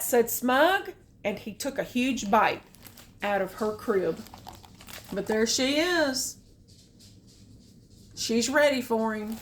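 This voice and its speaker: An older woman reading a picture book aloud, adding gentle, chatty comments about the pictures. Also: fairly high pitch, expressive, slow pace, long pauses. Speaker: storyteller.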